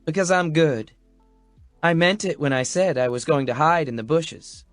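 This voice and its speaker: A man voicing a standoffish, sarcastic young woman who speaks in a dry, caustic, almost monotone way. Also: on the high side, moderate pace, no room sound, soft background music, pitched above the performer's own voice, lightly acted. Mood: deadpan sarcastic. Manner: caustic near-monotone deadpan.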